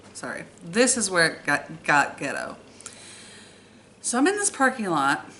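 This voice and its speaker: A woman's voice: on the low side, bright, forceful tone, slight background noise. A middle-aged woman telling a personal story in a chatty way, with many fillers. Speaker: vlogger. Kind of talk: storytime vlog.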